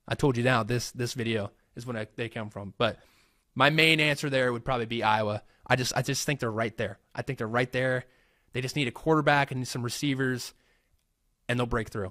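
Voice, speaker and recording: A man's voice: medium pitch, fairly bright tone, no room sound, studio quality. A young American man hosting a casual Q&A vlog and answering fan questions in an easygoing, rambling way with lots of fillers. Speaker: host.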